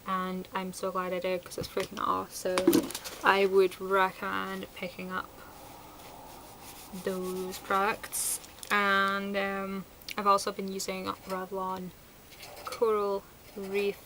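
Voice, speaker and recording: A woman's voice: mid-range voice, monotone, takes it slowly, a bit bright, a little hiss or hum, rough recording. A woman chatting casually through a product review, enthusiastic and sprinkled with fillers. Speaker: beauty vlogger.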